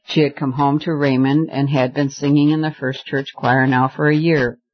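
A man narrating a novel in a steady, even reading voice. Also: medium pitch, moderate pace. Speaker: audiobook narrator. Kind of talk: scripted narration. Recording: slightly dull lo-fi recording.

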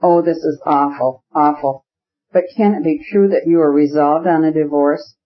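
A man's voice: on the high side, moderate pace, lightly acted. A man voicing an anxious woman in an audiobook, pleading earnestly on her friend's behalf. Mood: distressed. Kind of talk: audiobook character reading. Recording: dull lo-fi recording.

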